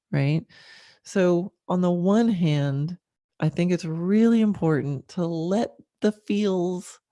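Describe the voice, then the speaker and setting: A middle-aged woman hosting a podcast, telling a personal story candidly and emotionally, with frequent fillers and soft laughs. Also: fairly low pitch, no echo. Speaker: podcast host.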